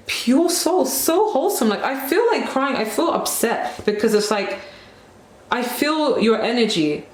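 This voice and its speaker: A woman's voice: mid-range voice, echoey room, low-quality recording. A woman casually chatting through a tarot card reading, emphatic and full of "like" fillers. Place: home room.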